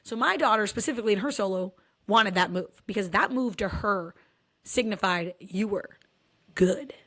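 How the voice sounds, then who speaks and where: A woman's voice: mid-range voice, normal speed, fairly bright tone. A woman, a dance mom, telling comic stories about her life in a candid, wry, self-mocking way that swears freely. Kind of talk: comedic personal storytelling.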